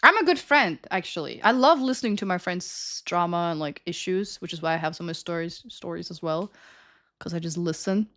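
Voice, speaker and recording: A woman's voice: on the low side, lively intonation, fairly quick, sharp tone. A young adult woman streams and tells her chat a story in a loose, casual way. She giggles often and keeps up a chatty, confiding flow.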